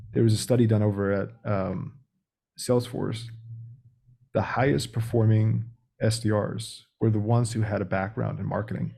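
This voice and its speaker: A man's voice: lowish voice, gravelly, dark tone, breathy edge. A man speaking as a guest on a podcast interview, blunt and direct in a casual way. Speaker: sales coach guest.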